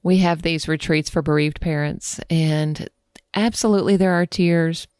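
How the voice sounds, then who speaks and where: A woman hosting a podcast, speaking in a soft, affirming way and agreeing often. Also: deep voice, steady tone, moderate pace, smooth, no room sound, clean studio sound. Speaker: podcast host. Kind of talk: faith-based interview conversation.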